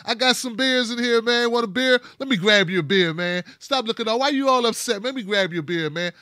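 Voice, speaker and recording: A man voicing a friendly, slangy male buddy who greets loudly and turns defensive. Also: very high voice, brisk, smooth, no room sound, studio quality, voice pushed up. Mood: hearty welcoming. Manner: slangy, loud, backslapping.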